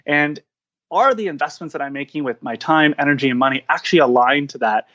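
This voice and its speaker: A man's voice: on the high side, a little fast, fairly bright tone, muffled recording. A man speaking as a podcast guest in reflective interview talk, earnest and searching, with frequent restarts. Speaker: podcast guest, founder of a coaching practice.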